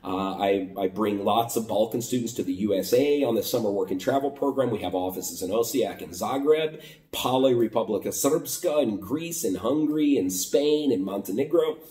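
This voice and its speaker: A man's voice: lowish voice, normal speed, dark tone, reverberant, far from the mic. A man from the United States casually retelling a border crossing story, acting out both sides of the conversation. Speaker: vlogger.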